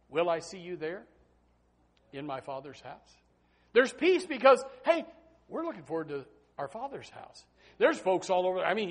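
Animated folksy preacher, high-pitched man. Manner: animated, folksy, sings snatches of hymns. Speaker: pastor. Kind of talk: sermon.

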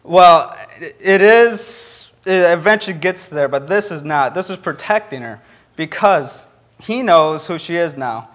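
A man's voice: on the high side, lively intonation, measured pace, fairly bright tone. A young man preaching a conversational sermon, earnest and sprinkled with fillers as he tells a personal story.

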